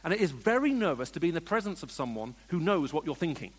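A man preaching a sermon, moving between hushed storytelling and emphatic questions to the congregation. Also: on the high side, sing-song, fast, husky. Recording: long reverb of a large hall.

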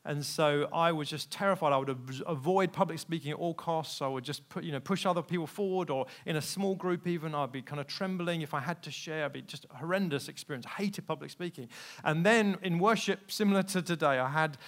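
Man preaching, somewhat high-pitched, candid storytelling, quiet to loud emphatic swings. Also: a little fast. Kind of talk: sermon. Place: church service.

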